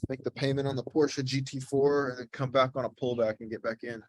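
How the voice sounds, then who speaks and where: A man's voice: medium pitch, steady tone, a little fast, a little mellow, dry recording. A man hosting a live trading session on a voice call, talking in a blunt, profane, laid-back coaching way. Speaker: host streaming live trades. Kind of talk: casual chat on a voice call.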